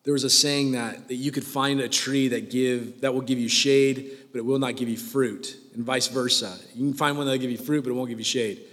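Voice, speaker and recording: A man's voice: medium pitch, a little fast, few pauses. Young male pastor, twenties, chatty and jokey sermon delivery, mid-range voice, long reverberant hall sound. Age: 20s. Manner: joking, conversational preaching with rising excitement.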